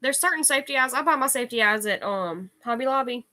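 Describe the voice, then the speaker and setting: Fast-talking bright woman. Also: a little high, expressive. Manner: quick, joking banter about crafts. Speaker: co-host. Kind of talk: casual live chat.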